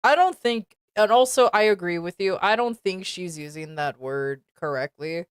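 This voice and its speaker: A woman streamer reads fan fiction aloud and comments on it, stumbling over words and sounding exasperated. Her voice is fairly low, clear, and resonant, at normal speed. The sound is studio quality with no echo.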